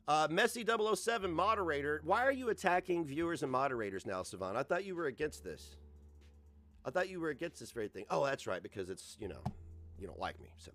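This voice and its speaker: Animated sarcastic man ranting. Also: medium pitch, a little fast. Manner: sarcastic, mocking, swears freely. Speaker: commentary streamer. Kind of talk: ranting reaction commentary.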